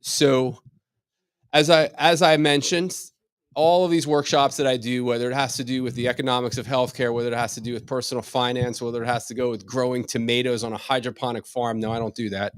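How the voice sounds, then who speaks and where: A man's voice: mid-range voice, fairly even intonation, fairly quick, clean tone, no room sound, clean studio sound. Chatty middle-aged man giving a workshop. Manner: chatty, jokey, heavy on rhetorical questions; repeats words when starting sentences. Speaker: chiropractor leading a wellness workshop. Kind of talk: informal live workshop talk.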